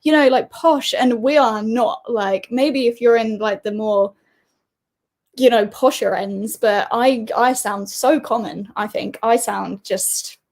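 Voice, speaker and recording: A woman's voice: fairly high pitch, slow pace, darkish tone. A young woman from England with an English accent, chatting as a guest in a bubbly, giggly way. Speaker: guest YouTuber. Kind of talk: casual interview chat.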